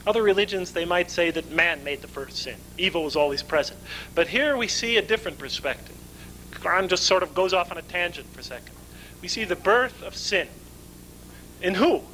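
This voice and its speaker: A male lecturer with a high, bright, forceful voice, who poses questions to his audience and answers them himself. His delivery is lively and builds through emphatic lists. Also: a little hiss or hum, rough recording. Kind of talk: conference lecture.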